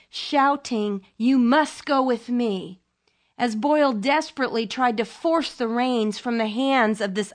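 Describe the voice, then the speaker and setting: A woman radio Bible teacher delivering a sermon, telling a story in a measured, dramatic way. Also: on the high side.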